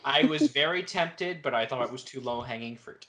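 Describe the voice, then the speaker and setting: A man's voice: mid-range voice, moderate pace, a bit bright. A man co-hosting a casual book-club podcast, summarizing the plot with playful, wry asides. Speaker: podcast co-host.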